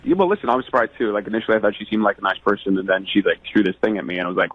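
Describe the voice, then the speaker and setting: Man, indignant, animated ranting, fast, dull phone sound. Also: on the low side, breathy edge, no room sound. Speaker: prank call target. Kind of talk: phone prank call.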